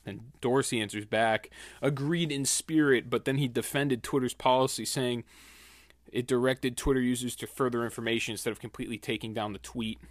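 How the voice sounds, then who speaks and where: A man's voice: medium pitch, steady tone, brisk, no room sound, studio quality. A man hosting a podcast, giving heated, indignant opinion commentary. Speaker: podcast host.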